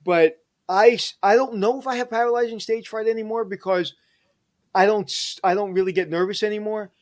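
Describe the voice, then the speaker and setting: A middle-aged man, a hospitality executive, telling personal stories in an energetic, animated interview. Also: high voice, fairly quick. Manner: energetic, animated storyteller who digresses. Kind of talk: casual storytelling interview.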